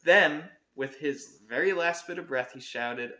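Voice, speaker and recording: A man's voice: on the high side, a little slow, sharp tone. A man co-hosting a podcast, reading a picture book aloud expressively, with occasional self-corrections. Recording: roomy echo.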